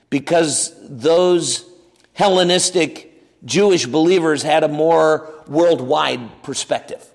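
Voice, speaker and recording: A male pastor teaches from the pulpit, slow and unhurried, his slightly raised voice ringing with the long reverb of a large hall. He talks in a conversational way, puts questions to the congregation and restarts his phrases with fillers and repeated words. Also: fairly high pitch. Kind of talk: sermon.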